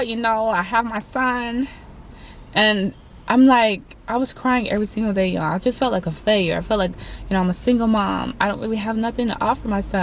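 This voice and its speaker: A woman in her twenties telling a candid personal story to her viewers, chatty and halting, often calling them "y'all". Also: mid-range voice, slight background noise. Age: 20s. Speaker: vlogger.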